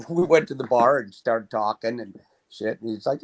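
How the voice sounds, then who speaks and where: A man co-hosting a podcast in casual chat, with a creaky, gravelly voice. He rambles through stories with heavy swearing and stammering restarts. His pitch sits in the middle range. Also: normal speed, darkish tone. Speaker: podcast co-host.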